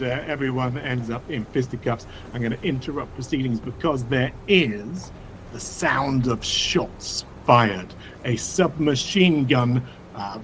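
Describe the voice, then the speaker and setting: A man narrating as game master of a tabletop game, explaining events in a measured way. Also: medium pitch, fairly bright tone.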